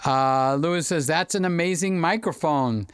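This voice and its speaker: A man's voice: a little high, moderate pace, clean tone, dry recording. A middle-aged man hosting a livestream, reading viewer comments aloud and joking around in casual chat, speaking into a studio microphone. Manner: chatty and joking, drifts off topic. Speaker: livestream host.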